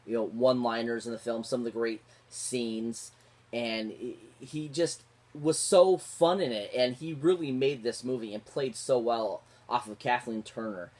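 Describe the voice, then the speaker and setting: A man with a medium-pitched, slightly mellow voice gives a loose, rambling film review. As a movie reviewer, he gushes over the actors, repeating his favourite words and filling his speech with fillers and restarts.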